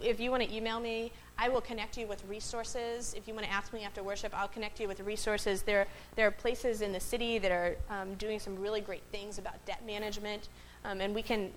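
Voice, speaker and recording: A woman's voice: mid-range voice, fairly bright tone, slight background noise, rough recording. Woman preaching a chatty sermon. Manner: chatty, asks the room questions, frequent "right?" and "um". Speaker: pastor. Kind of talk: conversational sermon. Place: worship space before a congregation.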